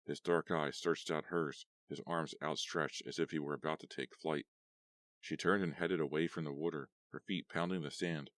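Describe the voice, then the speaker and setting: A man reads a scripted horror audiobook at normal speed, keeping his delivery steady and even. His voice is extremely low, captured dry and close-miked with no room sound at all.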